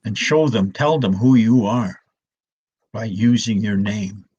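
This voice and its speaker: An older man tells stories in a soft, slow voice that sits low and a little husky. He restarts and repeats himself often, speaking with the calm patience of an elder. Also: lo-fi sound. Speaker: elder storyteller. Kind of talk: gentle storytelling talk.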